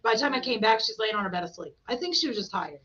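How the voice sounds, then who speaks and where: A woman in her thirties hosting a podcast, chatting casually and telling animated stories with voiced quotes. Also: a little high, very fast. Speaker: podcast host. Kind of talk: casual chat. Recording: dull lo-fi sound.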